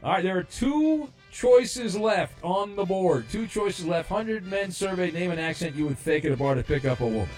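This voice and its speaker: A man's voice: sits high, lively intonation, moderate pace, hardly any pauses, a little mellow, soft background music. A man hosting a call-in game show on the radio, rambling through fillers and jokes. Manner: rambling, stumbles over fillers. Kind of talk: loose, joking radio talk.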